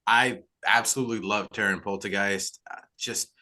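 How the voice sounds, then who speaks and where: A man's voice: on the low side, fairly even intonation, normal speed, sharp tone. A young man co-hosting a horror movie podcast on a video call, cracking crude jokes in laid-back slang. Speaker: podcast co-host. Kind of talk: casual horror movie review chat.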